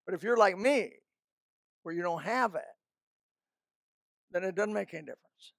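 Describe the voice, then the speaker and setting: Folksy older preacher with a gravelly voice. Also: male voice, high-pitched, lively intonation, normal speed, no room sound, studio quality. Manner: folksy, emphatic, sings snatches of hymns. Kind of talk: sermon.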